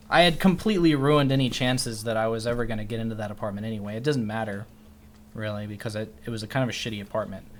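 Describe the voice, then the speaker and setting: A man's voice: medium pitch, a bit bright. A man streaming live, telling a story casually in a rambling, profane way that keeps restarting its sentences. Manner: rambling, profane, self-interrupting. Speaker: livestreamer.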